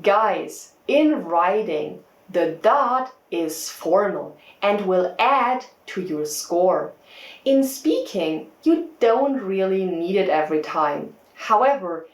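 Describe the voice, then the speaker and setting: A woman teacher giving a scripted English test-prep lesson, explaining words clearly and deliberately. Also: mid-range voice, echoey room, rough recording.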